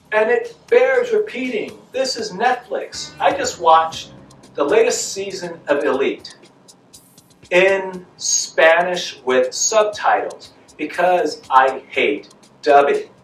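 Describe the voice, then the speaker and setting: A man's voice: sits high, recorded from a distance. A man giving a casual spoken film review, talking conversationally, asking rhetorical questions and repeating his points for emphasis. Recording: echoey room, voice off-mic, faint music.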